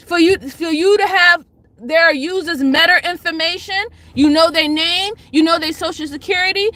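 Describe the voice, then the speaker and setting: A woman with a high, bright voice hosts a casual livestream, calling out chatters by name before lecturing and pleading with her viewers. She is emphatic and repeats herself, pounding the same points over and over, and there's no room sound.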